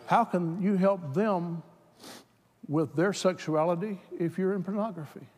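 A man preaching a sermon, moving from plain talk to loud, fervent exhortation. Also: measured pace. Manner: builds from plain talk to shouted, high-pitched fervor. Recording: hall reverb.

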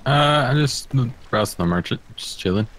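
A man's voice: lowish voice, animated, moderate pace, fairly bright tone, rough recording. A laid-back man chatting casually while playing a game with friends. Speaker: player. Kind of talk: casual gaming chat.

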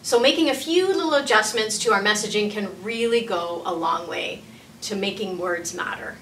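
A middle-aged woman delivering scripted parenting tips in a calm, encouraging tone. Her voice is bright and forward. She sounds a little off-mic in a room with noticeable echo. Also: mid-range voice, moderate pace, far from the mic, slight background noise. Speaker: early years parenting facilitator.

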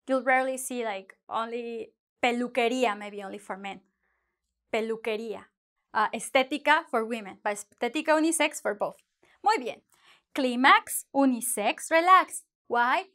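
A woman with a high, bright-pitched voice teaches a lesson online. She is playful and lively, moving easily between English and as she explains. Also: normal speed. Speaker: Spanish teacher.

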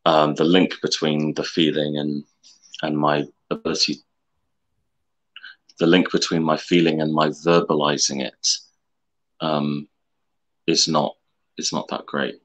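A man's voice: a bass voice, little pitch movement, measured pace, pauses often. A man talking on a video call as a coaching client, hesitant and wry, often restarting his sentences.

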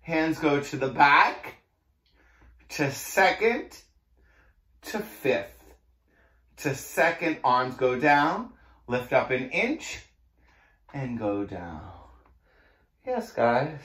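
Lively Boston-accented man teaching Pilates. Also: medium pitch, very slow, long pauses. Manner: playful, jokey, counts and cues moves. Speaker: Pilates instructor. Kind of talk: cueing a mat Pilates class.

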